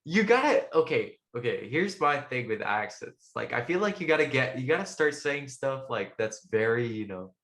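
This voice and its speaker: A young man co-hosts a podcast with an easy, slangy way of talking and laughs often. His voice is bright and forward, at a middle pitch. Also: sing-song, moderate pace, hardly any pauses. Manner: laughs easily, slangy, says bro. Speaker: podcast co-host. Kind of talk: casual chat.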